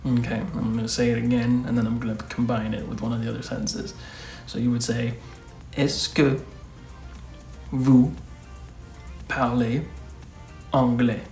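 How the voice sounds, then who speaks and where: A man hosting a casual lesson who speaks patiently and repeats each phrase slowly. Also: mid-range voice, monotone, gravelly, dark tone. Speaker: language teacher, channel host. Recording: echoey room with faint music.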